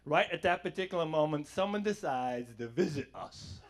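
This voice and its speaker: Sarcastic male stand-up comic, higher voice. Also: expressive, normal speed. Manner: sarcastic, acts out both sides of arguments in quoted voices. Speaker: stand-up comedian. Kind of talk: stand-up comedy set. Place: theater stage before a live audience.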